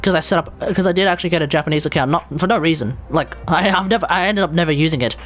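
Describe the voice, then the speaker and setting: Australian streamer, rambling casual chat, exasperated, mid-pitched, faint music behind. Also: racing. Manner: rambling, exasperated, mild swearing. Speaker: live streamer.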